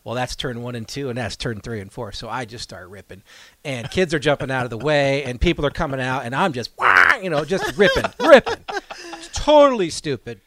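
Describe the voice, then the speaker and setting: A man's voice: mid-range voice, fairly quick. Laughing man telling a story. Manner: animated storyteller, laughs often. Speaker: guest, local stock car racer and teacher. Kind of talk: casual radio chat, storytelling. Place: radio studio.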